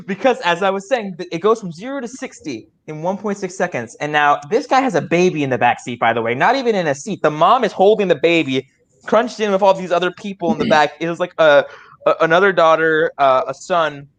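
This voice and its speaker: Excitable young man spinning a tall tale. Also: fairly high pitch, brisk. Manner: excited rambling, many stammered restarts. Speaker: improv player telling a story. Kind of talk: comic storytelling game.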